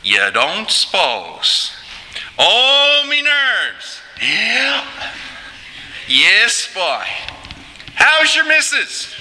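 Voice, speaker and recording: A man's voice: sits high, wildly swooping pitch, extremely slow, long pauses, sharp tone, big-room sound, a little hiss or hum, pitched above the performer's own voice, full character voice, poor audio. A man putting on the voices of two chatty Newfoundland locals, with broad dialect and a lilting, exaggerated delivery. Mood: folksy.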